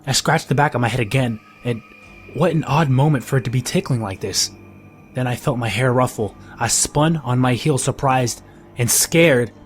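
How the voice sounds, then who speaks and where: A man reading a first-person horror story in a measured, grim storytelling manner. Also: medium pitch. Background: faint music.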